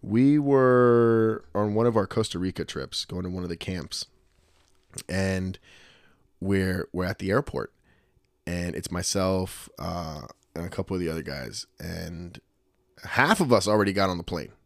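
Brief: middle-aged man, lowish voice, animated profane storyteller, dry mic. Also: a little slow, dry recording. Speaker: podcast host, martial arts school owner. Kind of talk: casual chat, storytelling.

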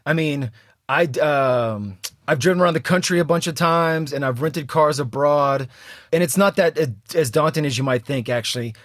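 A young man co-hosting a travel podcast, spinning a rowdy story with a lot of laughter. His voice sits a bit high, and the sound is close and dry with no room around it. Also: moderate pace, no echo. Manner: laughs often while telling a story. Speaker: podcast co-host.

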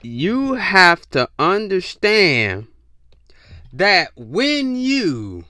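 Brief: male podcast host on a solo rant, high and bright voice, profane and animated, close dry mic. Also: very slow, no room sound. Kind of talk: casual opinion rant.

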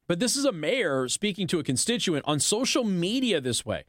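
A man's voice: sits high, very animated, normal speed, no echo, studio quality. A male talk radio host, possibly from Indiana, delivering an indignant, sarcastic monologue.

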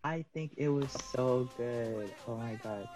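Low-voiced gushing young woman. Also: measured pace, dark tone, soft background music, poor audio. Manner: bubbly, giggly, gushing. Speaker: fan club president, podcast co-host. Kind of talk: casual fan chat.

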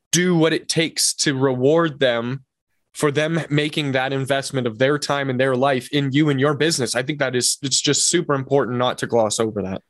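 A man's voice: mid-range voice, no room sound. A man co-hosting a casual podcast, speaking earnestly and reflectively.

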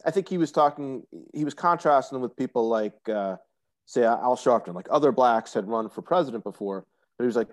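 A man's voice: mid-range voice, fairly quick. A man talking as a guest on a casual podcast, opinionated and explanatory. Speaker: guest commentator.

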